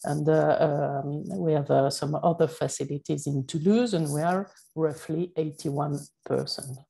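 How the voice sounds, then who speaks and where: A woman with a French accent giving a conference presentation, speaking haltingly with many fillers and self-corrections. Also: deep voice, fairly even intonation, gravelly, dark tone, breathy edge, poor audio. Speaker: panel speaker.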